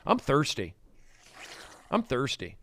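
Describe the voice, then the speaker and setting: A man hosting a rambling solo livestream on his phone, swinging from shouts to mumbles. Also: mid-range voice, huge pitch swings, slow pace. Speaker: livestream host.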